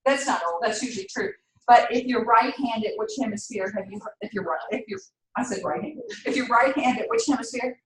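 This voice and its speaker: A woman's voice: a little high, lively intonation, brisk, a little hiss or hum. An older woman with a Southern US accent lecturing a class in a chatty, digressive way, laughing often. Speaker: teacher. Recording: roomy, distant classroom mic.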